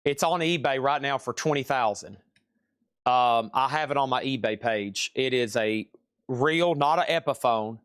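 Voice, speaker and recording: A man's voice: medium pitch, unhurried, a bit bright, smooth, dry recording, clean studio sound. Southern man running a live record sale. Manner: chatty, repeats prices and buyer names. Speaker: live-stream seller. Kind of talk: live sales stream.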